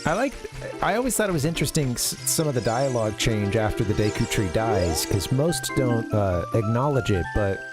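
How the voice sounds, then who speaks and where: An American man giving casual, rambling commentary as a game streamer, full of fillers and asides. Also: fairly low pitch. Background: game music.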